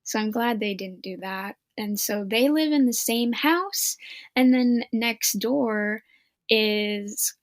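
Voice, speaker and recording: A young woman co-hosting a podcast, chatting casually in a slow, measured way. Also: a little high, dry recording. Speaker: podcast co-host. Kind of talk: casual review chat.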